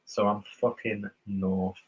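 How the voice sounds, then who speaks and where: A man with a low, husky voice and a posh southern English accent, hosting a relaxed livestream. He drifts between comments in a rambling, self-mocking way. His tone stays easygoing and chatty. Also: slow pace, muffled recording. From northern England. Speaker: beer reviewer streaming host. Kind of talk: casual livestream chat, reading out viewer comments.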